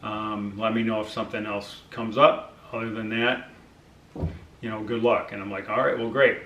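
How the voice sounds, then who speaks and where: A man's voice: on the low side, level tone, normal speed, a bit bright, roomy sound, recorded from a distance, lo-fi sound. A middle-aged man casually recounting his personal diet experience, acting out conversations with his doctor and using many fillers. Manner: conversational, acts out dialogue with frequent fillers. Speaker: vlogger sharing his diet journey.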